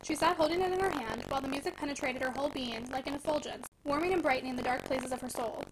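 A woman podcast host reading a classic novel aloud in a brisk, lively manner, on a recording with static. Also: high voice. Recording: heavy static hiss.

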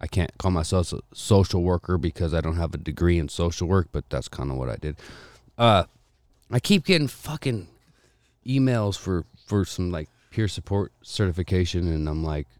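A young man in casual podcast chat, telling stories and mimicking people with loud voices. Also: deep voice, moderate pace, dry recording, clean studio sound. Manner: animated storyteller, does loud mimicking voices. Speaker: podcast co-host.

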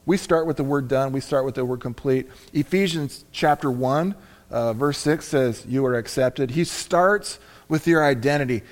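A man's voice: mid-range voice, moderate pace. Emphatic male pastor preaching. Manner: emphatic, repeats key phrases, casual asides. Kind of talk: sermon.

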